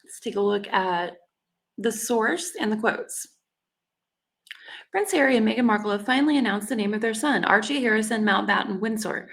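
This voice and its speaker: A woman's voice: medium pitch, expressive, moderate pace, gravelly, a bit bright. A woman, hosting casual commentary in a chatty, sarcastic way that is broken up by laughs. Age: 40s. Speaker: commentary channel host. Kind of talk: casual commentary reading news quotes.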